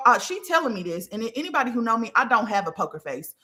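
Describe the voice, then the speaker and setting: A woman hosting a podcast, telling a personal story in a candid, profane, animated way. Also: a little high, normal speed. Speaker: podcast host. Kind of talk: casual storytelling monologue.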